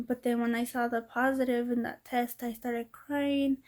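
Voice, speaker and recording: A woman's voice: fairly high pitch, level tone, normal speed, a little mellow. A woman telling a heartfelt personal story in a vlog, emotional and teary as she talks to her viewers. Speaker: vlogger.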